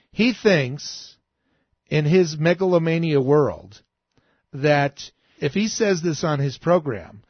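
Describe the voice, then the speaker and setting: A man's voice: a little high, no echo, muffled recording. A man hosting a political talk show, delivering an indignant, emphatic monologue that scolds as he goes. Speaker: radio talk show host.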